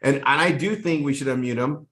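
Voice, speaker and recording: A man co-hosts a relaxed members' video call and keeps up playful, teasing banter. His voice sits at a middle pitch. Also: a little fast, reverberant. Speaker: co-host. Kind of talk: casual group video call.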